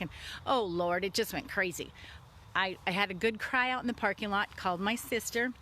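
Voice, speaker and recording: A woman's voice: mid-range voice, steady tone, normal speed, bright, forceful tone, slight background noise. A middle-aged woman talking casually outdoors on her farm, with lots of fillers and restarts. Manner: conversational, many fillers and restarts. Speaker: vlogger talking about leadership. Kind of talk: casual spoken story.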